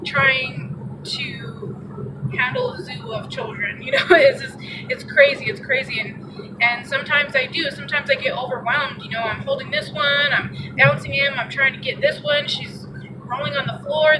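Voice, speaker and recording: A young woman vlogger giving an earnest, encouraging faith talk from inside a car, often repeating her phrases. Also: high voice. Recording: distant muffled mic with loud car noise.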